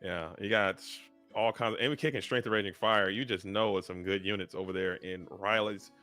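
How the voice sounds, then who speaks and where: A man co-casting a card game stream, animated and joking as he talks through plays. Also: lowish voice, fairly quick, faint music behind. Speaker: co-caster.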